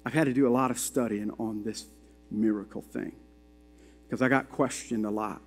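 In a church sanctuary, a man preaches to his congregation, telling a story and asking the listeners emphatic questions. His voice is fairly low with fairly even intonation and a moderate pace. A handheld or stand microphone picks him up amid long hall reverb.

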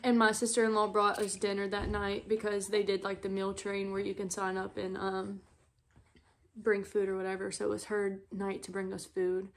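A young woman, telling her own story at home as a mother vlogger, tearful and halting, with many filler words. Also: medium pitch, monotone. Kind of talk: emotional personal storytelling. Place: at home on a couch.

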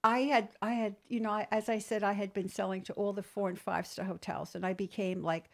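A woman entrepreneur telling stories in an interview, lively, acting out quoted dialogue. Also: medium pitch, fairly quick, creaky. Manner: animated storyteller, acts out quoted dialogue. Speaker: entrepreneur guest; business trainer. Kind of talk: storytelling interview.

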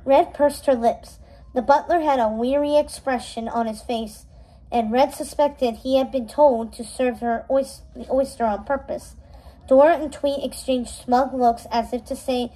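A woman reading a novel chapter aloud in a steady storytelling manner, with small slips and restarts. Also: sits high, unhurried, poor audio. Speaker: read-aloud narrator.

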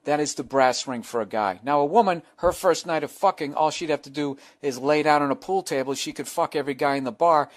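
A man's voice: a little high, fairly quick, few pauses. A man hosting a comedy podcast, reading listener letters aloud and breaking in with profane, sarcastic remarks.

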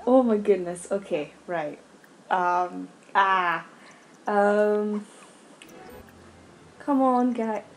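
A woman's voice: mid-range voice, extremely slow, slight background noise. A young woman commenting on a life-sim game, scolding her characters in exasperation. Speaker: gaming YouTuber. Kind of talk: casual Let's Play commentary.

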